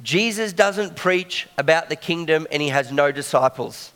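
A man's voice: fairly high pitch, expressive, normal speed, fairly bright tone, long reverb tail. A man preaching a sermon in a conversational way, often checking in with the congregation.

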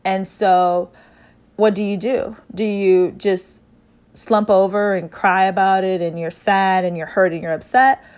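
A woman's voice: mid-range voice, fairly even intonation, measured pace, darkish tone. Earnest woman in a reflective monologue. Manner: earnest, repeats phrases for emphasis, frequent fillers. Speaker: speaker sharing personal reflections.

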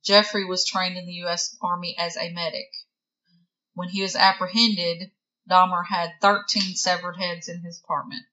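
A woman's voice: lowish voice, level tone, normal speed, sharp tone, highs cut off. A woman co-hosting a true crime podcast, reading facts from notes and chatting, with the hiccups. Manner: reads facts aloud, with hiccups and giggles. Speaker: podcast co-host.

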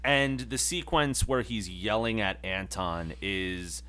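Low-voiced guy in casual film chat. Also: clean tone. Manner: relaxed, halting, acts out quotes. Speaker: podcast co-host. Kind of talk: casual movie-review chat.

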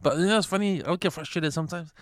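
Blunt man with a slightly higher voice. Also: fast, no room sound, studio quality. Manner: blunt, swears casually. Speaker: podcast co-host. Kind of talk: casual chat.

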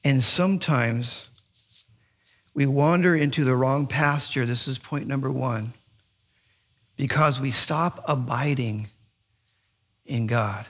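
A middle-aged man preaching a sermon. He tells stories with animation and often restarts his sentences. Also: medium pitch. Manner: animated storytelling, halting restarts. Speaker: pastor.

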